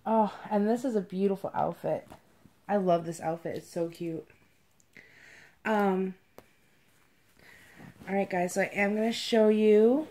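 A young woman filming a casual unboxing vlog at home, gushing and cooing in a high baby-talk voice. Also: unhurried, pauses often, mellow. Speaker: vlogger.

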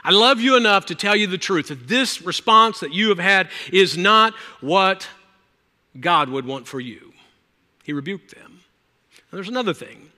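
A male pastor preaching a sermon, swinging between loud, emphatic lines and hushed ones. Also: high voice, expressive, moderate pace. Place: church sanctuary. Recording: reverberant church hall.

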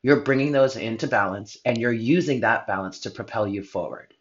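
A man's voice: medium pitch, brisk, lo-fi sound. Earnest man giving a tarot reading. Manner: earnest, heartfelt, blunt at times. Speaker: tarot reader. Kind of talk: spiritual tarot reading monologue.

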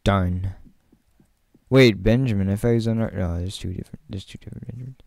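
A man's voice: on the low side, fast, creaky, darkish tone, dry recording. A man giving casual, chatty commentary while playing, joking and laughing often and rambling straight to his viewers. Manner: rambling, talks to viewers directly. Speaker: gaming channel host.

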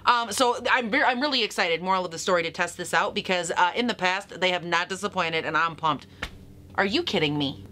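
A woman's voice: on the low side, brisk, few pauses, pushed and bright. A young woman reviewing makeup in a casual vlog, gushing and sassy, calling her viewers "honey". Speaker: beauty YouTuber. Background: lawnmower noise outside.

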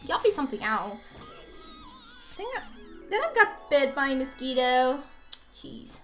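High, lively young woman gaming. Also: measured pace, pauses often. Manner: chatty, rambling, bursts into squeals and laughs. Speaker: let's play gamer. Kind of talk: casual gameplay commentary. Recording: faint game music behind.

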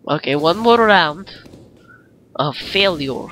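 Man, put-on Russian accent, gaming commentary, wildly swinging pitch, slow delivery, excitable and exclamatory. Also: a little hiss or hum. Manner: excitable, exclaims often, playful broken English. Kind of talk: let's-play commentary.

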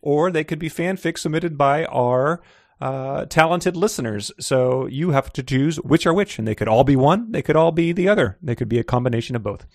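A man with a fairly high, lively voice talks at a moderate pace, his tone a little mellow. Co-hosting a casual podcast, he reads fiction excerpts aloud, adding light character voices and laughing often. The recording is dry and studio quality.

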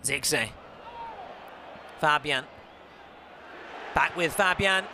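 A male football commentator, calling match highlights play by play and lifting into shouts at the goals. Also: animated, unhurried, pauses often, background noise.

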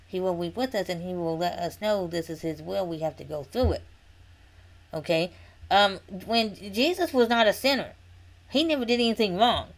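A woman teaching an informal Bible study in an earnest, repetitive way, often checking in with a quick "okay?". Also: fairly low pitch, low-quality recording.

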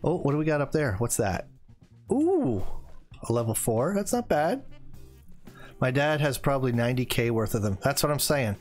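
A man's voice: mid-range voice, big pitch swings, normal speed, a little mellow, soft background music. A man in his forties hosting a casual gaming livestream, rambling and getting worked up as he chats. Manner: rambling, gets worked up, then apologizes. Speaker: livestream host.

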